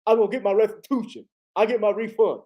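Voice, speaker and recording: A man doing an impression of a boastful male sports pundit, loudly repeating his co-host's name. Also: high-pitched, quick pace, muffled recording, voice pushed up, lightly acted.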